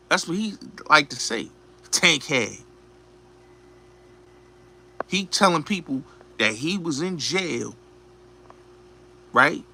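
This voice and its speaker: A man's voice: high voice, expressive, takes it slowly, long pauses, bright, forceful tone. A man hosting a show, delivering a blunt, profane, repetitive ranting commentary. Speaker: show host.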